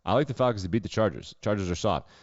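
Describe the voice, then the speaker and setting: Man, low voice, podcast host, casual betting talk, brash, swears a lot, dry dull audio. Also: expressive, racing, no echo. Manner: opinionated, brash, swears freely.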